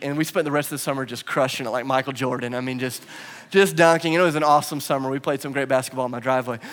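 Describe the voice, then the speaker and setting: A male pastor preaching a sermon, moving between loud, emphatic lines and hushed, quiet ones. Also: a little high. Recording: long reverb of a large room.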